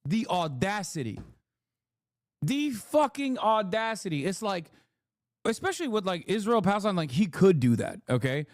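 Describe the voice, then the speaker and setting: A man's voice: high-pitched, sing-song, normal speed, no echo, studio quality. A young man streaming, ranting casually with sarcastic, profane mockery.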